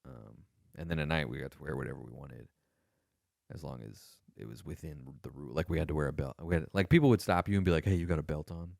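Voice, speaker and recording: Deep-voiced man telling casual stories. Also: fast, creaky, dry recording, studio quality. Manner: swearing, animated, acts out quoted voices. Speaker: podcast co-host, former Marine. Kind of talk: casual storytelling chat.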